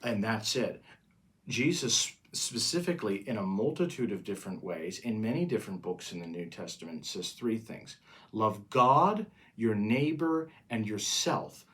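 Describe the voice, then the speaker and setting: A man co-hosting a podcast as a pastor, talking in a casual, earnest way and slowing down to stress his points. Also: fairly low pitch, animated, a bit bright. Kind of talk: casual chat.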